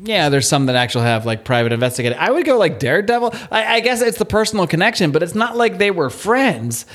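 A man's voice: sits high, sing-song, quick pace, fairly bright tone. A young adult man hosting a podcast, talking casually, rambling and laughing between thoughts. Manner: rambling, laughs often, restarts a lot. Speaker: podcast host. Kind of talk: casual chat.

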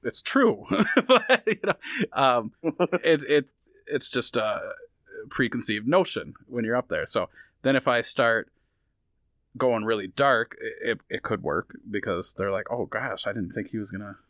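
A man's voice: medium pitch, animated, unhurried, fairly bright tone, no echo, clean studio sound. A man who is a comedian, talking in a casual podcast chat, rambling with many fillers and restarts. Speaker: comedian guest.

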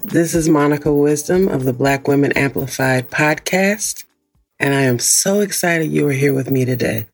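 A woman hosting a podcast, talking casually in a deep morning voice and laughing often. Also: soft background music. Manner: warm, chatty, laughs often, slow deliberate phrasing. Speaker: podcast host. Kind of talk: casual solo podcast talk.

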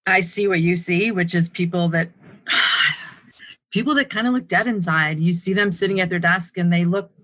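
A woman's voice: on the low side, moderate pace, a bit bright, no echo. A woman guest in an interview, telling her story in a rambling way with many restarts and fillers. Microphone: home setup, dry sound.

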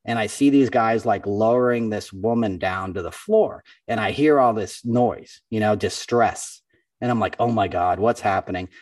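Telling an animated story as a podcast guest, this comedian slips into other people's voices as he goes in casual conversation. He speaks at a moderate pace in a lowish voice. He sits far from the podcast mic, though there's no echo.

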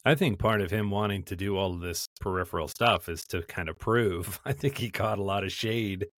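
A man co-hosting a podcast in casual chat, animated and quick to laugh. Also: sits low, no room sound, clean studio sound. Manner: animated, breaks into mocking impressions and laughs. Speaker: podcast co-host.

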